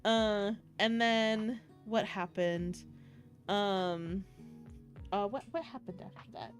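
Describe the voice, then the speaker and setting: In a slow, mid-range voice over soft background music, a young woman streams casually and tells her chat about a meetup. The story comes out rambling and emotional, full of restarts, giggles, and moments close to tears and laughter.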